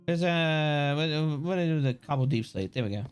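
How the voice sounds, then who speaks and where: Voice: mid-range voice, lively intonation, a little fast, clean tone, soft background music. A livestreamer giving casual, joking gameplay commentary, swearing freely along the way.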